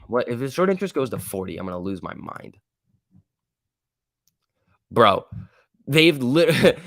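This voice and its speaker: A young man hosting a live stock-market stream, talking in an emphatic, excitable rant. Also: medium pitch, no room sound, clean studio sound. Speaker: livestream host.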